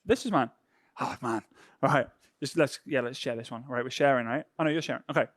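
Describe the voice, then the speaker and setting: A man's voice: medium pitch, fast, a bit bright, no room sound, clean studio sound. A European man running a live online social media training session, talking casually and often checking in with "right?". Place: home.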